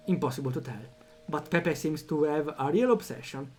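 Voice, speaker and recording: Male streamer, fairly high voice, reads the game aloud, chatty reactions. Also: moderate pace, slight background noise. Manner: animated, reacts out loud, thinks aloud with fillers. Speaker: streamer playing a story game. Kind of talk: reading a text game aloud with commentary.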